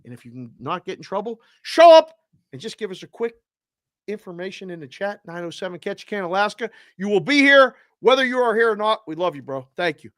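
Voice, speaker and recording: A man hosts a live show, running through viewer shout-outs in an upbeat, lively way. His voice sits high and sounds bright and forceful. The recording is dry and close, with no room echo. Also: a little fast. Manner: upbeat, shouts out names and area codes. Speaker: show host.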